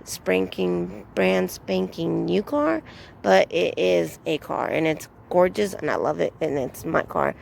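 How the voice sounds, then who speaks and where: A woman's voice: fairly low pitch, vocal fry, darkish tone, a little hiss or hum. A woman rambling through a casual vlog outdoors, telling her story in a chatty way with lots of fillers. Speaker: vlogger.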